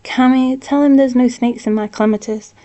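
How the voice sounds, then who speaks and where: A woman voicing a feisty, bossy older woman who argues loudly. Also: high-pitched, fairly even intonation, normal speed, pitched above the performer's own voice, natural voice. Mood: indignant.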